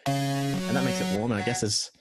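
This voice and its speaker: A music producer with an Australian accent walks through his session casually and self-deprecatingly, using many fillers, as music plays behind him. His voice is lowish and steady, at a moderate pace.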